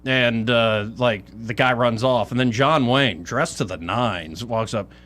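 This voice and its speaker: A man's voice: mid-range voice, measured pace. A man, hosting a casual talk radio show and telling stories with acted-out quotes. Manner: animated storyteller, acts out quotes. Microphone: studio mic.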